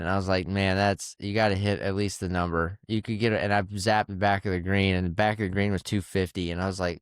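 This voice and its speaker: A man's voice: deep voice, steady tone, brisk, clean tone, dry recording, clean studio sound. A man who works as a caddie and hosts a podcast, telling stories from the course in a candid, conversational way and swearing casually. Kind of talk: casual storytelling.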